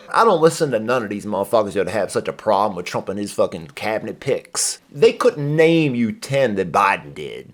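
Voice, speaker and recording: A man's voice: medium pitch, fairly bright tone. A man hosting a reaction commentary, ranting in a profane, exasperated way. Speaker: commentary host. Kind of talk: heated reaction rant.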